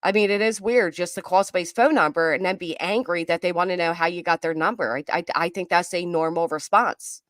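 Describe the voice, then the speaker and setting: A woman's voice: fairly low pitch, a little fast, few pauses, fairly bright tone, no echo, clean studio sound. A woman doing live reaction commentary, chatty and reading viewer comments aloud. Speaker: commentary streamer.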